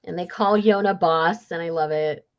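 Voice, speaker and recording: On muffled, lo-fi audio, a woman speaking at a normal pace in a lowish voice hosts a relaxed book club conversation, gushing over it and performing characters' lines.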